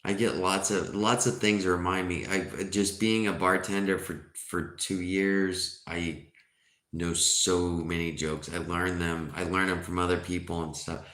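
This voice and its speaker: A man's voice: deep voice, steady tone, measured pace, fairly bright tone. A man in his forties hosting a casual livestream, joking and chatting with viewers. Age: 40s. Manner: joking, chatty, reading chat aloud. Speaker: livestream host. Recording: roomy echo.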